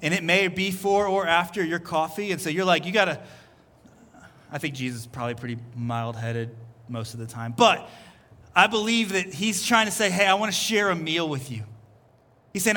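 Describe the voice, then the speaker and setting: During a church service, a male pastor delivers his sermon earnestly, circling back to repeat phrases as each point builds and speaking Jesus's words in quotes. He has a high-pitched, bright, forceful voice at a normal speed.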